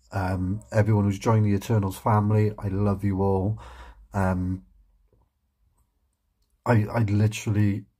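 A man's voice: on the low side, warm tone, slightly rough. A man hosting his reaction channel in casual, rambling chat, heartfelt and full of ums and restarts, swearing casually.

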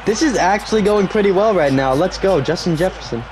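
A young man giving live commentary on his own football video game, cheering loudly on big plays and grumbling when things go wrong. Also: sits high, lively intonation, brisk, noisy background. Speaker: gaming YouTuber.

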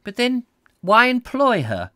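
A man's voice: very high-pitched, huge pitch swings, measured pace, sharp tone, dry recording, studio quality, pitched above the performer's own voice, heavily acted. A man reading aloud, voicing a fussy, probing middle-aged male doctor who keeps asking questions. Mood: inquisitive. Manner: persistent, inquisitive questioning.

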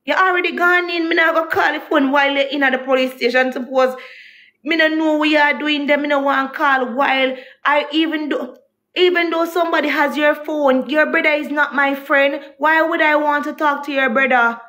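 A young woman rants to her viewers about a partner. Her voice sits high, and she sounds indignant and heated, circling back over the same points again and again. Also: steady tone, fairly quick, bright, forceful tone. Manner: heated, indignant, repeating herself. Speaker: vlogger. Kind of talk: emotional storytime rant to viewers.

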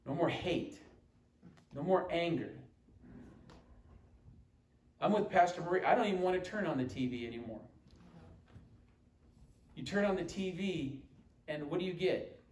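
A man's voice: a little high, moderate pace, long pauses, a little mellow. A man preaching a sermon as pastor, emphatic and quoting scripture. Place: church sanctuary. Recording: echoey church room from far off.

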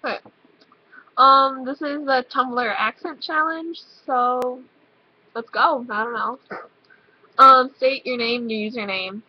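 A woman's voice: sits high, steady tone, takes it slowly, long pauses. A teenage girl chatting casually with a friend, giggly and offhand as she reads out a word list. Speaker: vlogger. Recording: dull lo-fi webcam audio.

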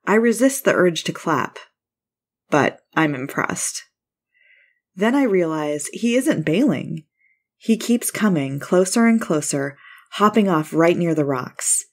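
A woman with a notably low voice narrates a first-person short story. Her reading is measured and wry, steady from line to line.

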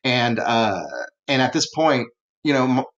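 A man's voice: mid-range voice, measured pace, fairly bright tone, lo-fi sound. A man teaching a literature lesson in a casual, rambling way, with lots of fillers as he retells a story. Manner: rambling, conversational, many fillers.

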